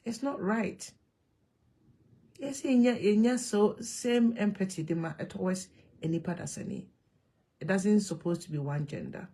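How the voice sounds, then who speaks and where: A woman with a Ghanaian accent speaks straight to her viewers, moving between Twi and English. Her voice is gravelly and a little husky, and her delivery is animated and emphatic. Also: mid-range voice, a little slow, pauses often. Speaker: vlogger. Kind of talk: casual monologue to camera.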